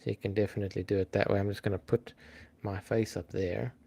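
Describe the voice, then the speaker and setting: A man's voice: on the low side, flat delivery, fast talker, vocal fry, mellow, husky. A man hosting a live-stream trivia game in a casual, chatty way, thinking aloud and greeting viewers by name.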